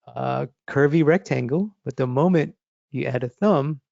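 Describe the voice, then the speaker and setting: A man teaching drawing, talking through his sketch step by step as he works, thinking aloud in a relaxed, encouraging way. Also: mid-range voice, measured pace, vocal fry, no echo, muffled recording. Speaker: drawing instructor. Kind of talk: live drawing demonstration.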